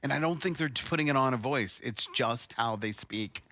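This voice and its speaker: A man's voice: medium pitch, normal speed, pushed and bright. A man co-hosting a tech podcast with wry, sarcastic banter. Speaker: podcast co-host.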